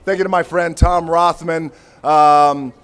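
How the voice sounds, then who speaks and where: A man's voice: a little high, steady tone, a little slow, fairly bright tone, smooth. A man in his forties giving an unscripted acceptance speech at an outdoor ceremony, thanking people and adding playful, self-mocking asides. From United States. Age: 40s.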